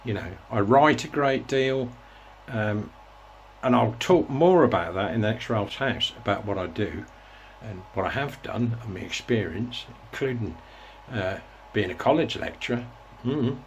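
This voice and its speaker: A man's voice: lowish voice, unhurried, a little hiss or hum. A man in his sixties, hosting his own show and reminiscing in a casual, rambling monologue with frequent restarts. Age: 60s. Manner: rambling, reflective storytelling with restarts. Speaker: host.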